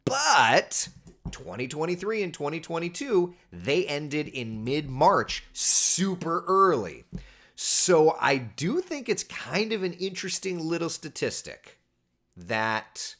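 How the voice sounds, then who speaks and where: Man, weather host, casual live chat, lively swinging pitch. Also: slow pace. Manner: chatty, jokey, lively storytelling. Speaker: TV meteorologist host.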